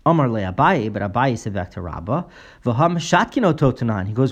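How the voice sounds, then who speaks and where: A man's voice: medium pitch, sing-song, a little fast, dull audio. Man teaching a Talmud class, explaining. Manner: explanatory, with frequent fillers and restarts. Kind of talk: spoken Talmud lesson, translating aloud.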